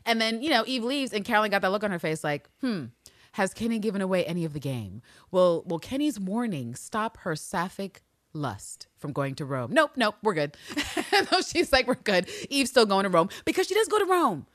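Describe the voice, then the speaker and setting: A woman's voice: medium pitch, sing-song, fairly quick, a bit bright, no room sound, clean studio sound. A woman co-hosting a podcast, recapping a TV episode in casual, profane chat and acting out the characters' lines in put-on voices. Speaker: podcast co-host.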